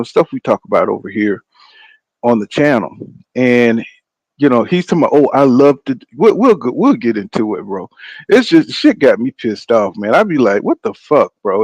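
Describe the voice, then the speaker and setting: On this live boxing reaction stream, the male host keeps things loose and foul-mouthed, calling out viewers by name as he comments. He speaks in a mid-range voice with no echo in the recording.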